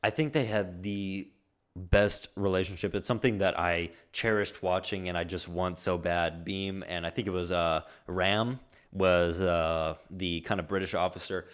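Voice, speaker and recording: A deep-voiced young man talks through his movie picks in a casual vlog. He's excitable and gushing, and he drops swear words freely as he goes. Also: unhurried, clean tone. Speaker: movie vlogger.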